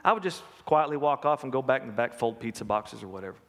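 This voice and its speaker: A man's voice: medium pitch, expressive, quick pace, fairly bright tone, long reverb tail. A middle-aged man preaching a sermon, telling folksy personal stories. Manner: folksy storytelling with laughs and acted quotes.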